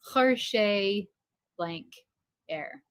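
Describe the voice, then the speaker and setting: A woman's voice: medium pitch, extremely slow, clean tone, no room sound. Woman reading aloud, dry close sound. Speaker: co-teacher reading example phrases. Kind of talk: reading lesson phrases aloud.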